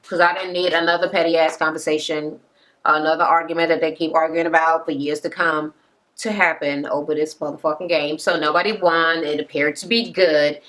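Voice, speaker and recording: A woman recapping a reality show in a casual, profane rant, acting out the cast members' lines. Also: a bit bright. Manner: sassy, profane, acts out cast members' quotes in higher voices.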